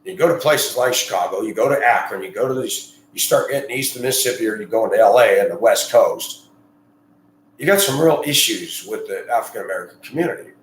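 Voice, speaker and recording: A man's voice: lowish voice, a little fast, a little hiss or hum. A man who drives a school bus, talking in a blunt, rambling, opinionated monologue. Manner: blunt, rambling, gets heated and loud. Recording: echoey room.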